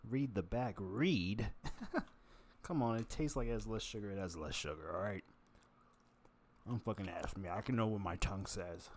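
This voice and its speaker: A man's voice: fairly low pitch, normal speed, pauses often, a little hiss or hum. A man vlogging while he eats, rambling casually, cursing and poking fun at himself. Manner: self-mocking, profane, chatty.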